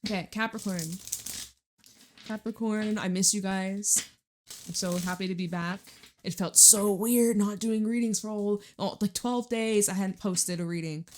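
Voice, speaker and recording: A woman's voice: medium pitch, fairly even intonation, measured pace, a little mellow, a little hiss or hum. A young adult woman giving a casual tarot reading, chatty and candid, swearing now and then. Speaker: tarot reader.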